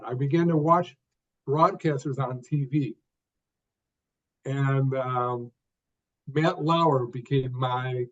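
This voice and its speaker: An older man from the United States, telling his own story as an interview guest in short phrases, with pauses and repeated starts. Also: a little high, a little mellow. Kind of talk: conversational storytelling. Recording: dull lo-fi sound.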